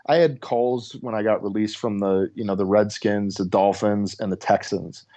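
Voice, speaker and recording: A man's voice: lowish voice, fairly even intonation, normal speed, mellow. A young adult male comedian telling a story in casual chat over a video call, in an intense, profane way. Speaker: comedian guest.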